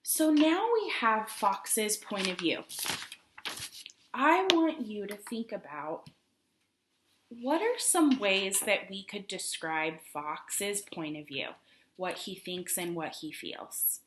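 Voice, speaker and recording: A woman teacher giving a recorded reading lesson for children, expressive and encouraging, asking questions along the way. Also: mid-range voice, slow pace.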